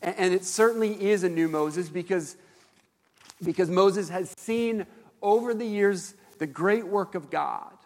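Casting note: man, pastor delivering a sermon, somewhat high voice, long reverb of a hall. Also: a little slow. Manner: animated storytelling preacher with fillers.

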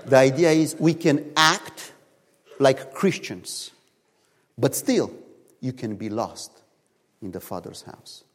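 A man preaching a sermon in a church, telling stories in animated, non-native English, recorded in a reverberant hall. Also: medium pitch, slow pace, long pauses. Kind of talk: sermon with storytelling.

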